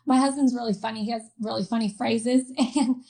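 A woman's voice: fairly high pitch, fairly even intonation, brisk, creaky, warm tone, rough recording. A woman in her thirties chatting as a guest, laughing often and telling a personal story with many fillers. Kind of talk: casual chat.

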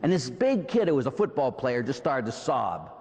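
A middle-aged priest with a Pittsburgh accent preaches a sermon, his voice rising and falling in a lively, expressive line. He keeps checking in with the congregation through rhetorical questions and quick asides. The church around him carries a long, ringing reverb. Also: mid-range voice. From Pittsburgh, USA. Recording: long reverb in a large hall.

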